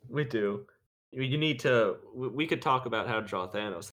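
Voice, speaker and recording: A man's voice: medium pitch, normal speed, fairly bright tone. A man co-hosting a podcast in easygoing, casual chat. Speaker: podcast co-host.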